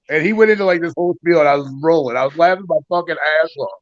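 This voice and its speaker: A man's voice: a little high, racing, few pauses, no echo. A man guesting on a podcast, telling stories in a profane, laughing way. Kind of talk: casual chat. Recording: dull lo-fi audio.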